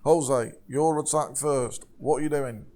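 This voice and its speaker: A man's voice: mid-range voice, steady tone, measured pace, mellow. A man narrating as game master of a tabletop game, playful and laughing often.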